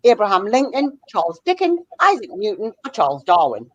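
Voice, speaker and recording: A woman hosting a quiz among friends reads out the questions and answer options in a listing rhythm. Her medium-pitched voice swoops wildly and moves briskly, and the recording's highs are cut off.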